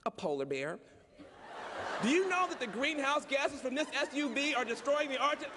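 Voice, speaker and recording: A pointed, mock-innocent young woman, as a male speaker puts her on, prim and earnest about the planet. The voice is high, and a long hall reverb trails behind it. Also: very animated, normal speed, background noise. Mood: needling. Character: earnest eco-minded young woman friend.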